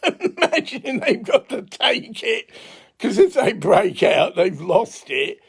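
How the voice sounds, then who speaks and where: An older man holds forth in a crude, swearing, laughing monologue. His voice sits high and has a gravelly crackle. He drags his words out slowly as he rambles. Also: big pitch swings. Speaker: self-styled spiritual healer.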